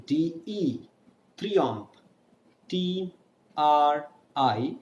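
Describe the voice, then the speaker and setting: A man's voice: on the high side, warm tone. A man teaching an online French lesson, spelling words letter by letter and drawing out each pronunciation. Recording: echoey room with faint ambience.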